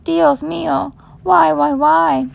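A woman's voice: high voice, fairly even intonation, slow, vocal fry, exaggerated voice. A woman voicing a shaken but protective father in a storybook reading, speaking in short, strained phrases. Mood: despairing.

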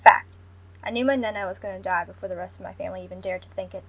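A young adult woman reading a first-person story aloud in a measured, subdued way. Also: mid-range voice, fairly even intonation, slightly rough, rough recording. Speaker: narrator.

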